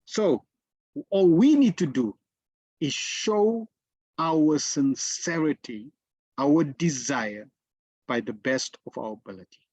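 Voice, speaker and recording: A man giving a slow, deliberate devotional lecture as a spiritual teacher, telling stories with emphatic repetitions. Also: a little high, animated, a little mellow, no room sound. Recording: dull, lo-fi dry sound.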